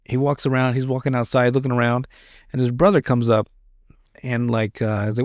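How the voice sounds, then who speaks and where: A man's voice: medium pitch, fairly even intonation, brisk, no room sound, studio quality. A man hosting a podcast, recapping a show in casual chat, rambling and swearing with many restarts. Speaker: podcast host.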